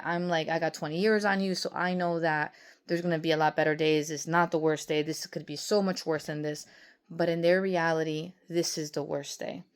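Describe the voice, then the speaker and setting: A woman in her forties, a nurse practitioner, giving parenting advice in a casual, conversational way, often acting out little parent-and-teen exchanges. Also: fairly low pitch. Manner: warm, conversational, acts out parent-teen dialogue, many restarts. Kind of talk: casual advice talk to camera.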